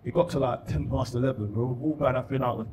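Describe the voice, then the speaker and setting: A middle-aged man spins slangy anecdotes with an easy, laughing energy. His voice sits at an ordinary pitch and lands some way off the mic. The room around him rings noticeably. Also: fast talker, a little hiss or hum. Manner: animated, slangy, laughs while telling anecdotes. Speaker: guest, former footballer. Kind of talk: casual storytelling. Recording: roomy sound, distant mic.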